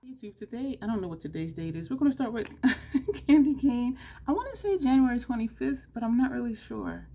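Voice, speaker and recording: Loud, excitable woman vlogger. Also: fairly high pitch, a little fast, gravelly. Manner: loud, excitable, says she is yelling; drawling, southern-style "y'all" chatter, playful cursing. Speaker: beauty vlogger. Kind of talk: excited casual chat to camera.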